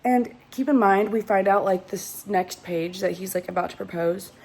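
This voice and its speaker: Gravelly-voiced woman ranting about a book. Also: medium pitch, moderate pace, a little mellow, a little hiss or hum, poor audio. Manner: exasperated, rambling, heavy use of filler 'like'. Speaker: book reviewer. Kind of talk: casual chatty book vlog.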